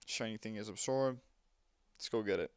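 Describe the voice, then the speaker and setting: A man's voice: lowish voice, moderate pace, dry recording, studio quality. Young man chatting over gameplay. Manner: chatty, rambling, lots of fillers. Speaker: gameplay commentator. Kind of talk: casual gameplay commentary.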